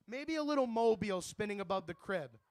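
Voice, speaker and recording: A man's voice: sits high, expressive, a little fast, dry recording. A young man doing a rambling, brash stand-up set at a bar open mic, swearing freely. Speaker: stand-up comedian.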